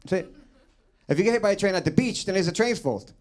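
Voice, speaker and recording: A man's voice: high-pitched, expressive, fast talker. A man from New York City doing a rambling stand-up set, full of fillers and restarts. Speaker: stand-up comedian.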